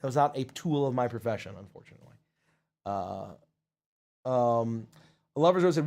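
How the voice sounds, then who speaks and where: A man's voice: mid-range voice, lively intonation, normal speed, a little mellow. A man, a voice actor and show host, chatting casually and rambling through viewer questions on a livestream. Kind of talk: casual livestream Q&A, reading chat.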